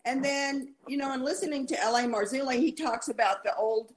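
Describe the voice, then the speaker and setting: A female caller with a slightly high voice. She rambles a little as she works through her story. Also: steady tone, brisk, poor audio. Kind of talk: call-in show talk.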